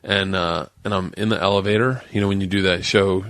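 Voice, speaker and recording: A man's voice: deep voice, fairly quick. A man in his forties telling a story on a podcast, swearing freely and acting out what others said. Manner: animated storyteller, swears freely, acts out quotes. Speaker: podcast guest.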